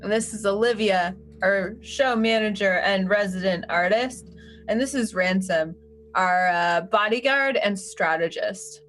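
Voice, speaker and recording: A woman's voice: mid-range voice, a little slow, fairly bright tone, soft background music. Wry woman player. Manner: wry, teasing. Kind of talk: casual tabletop play.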